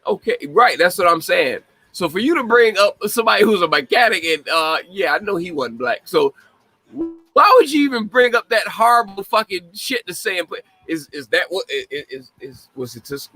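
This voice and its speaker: A man's voice: high voice, big pitch swings, moderate pace, pushed and bright, husky, no echo, low-quality recording. A man hosting a podcast, ranting bluntly in casual talk, swearing heavily and often breaking into laughter. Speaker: podcast host. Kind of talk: casual profane commentary.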